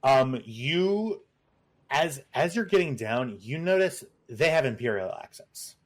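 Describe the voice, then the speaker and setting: A man narrating as game master, halting and full of fillers, laughing easily as he rules on the players' moves. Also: medium pitch, animated. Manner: hesitant, many fillers and restarts, laughs easily.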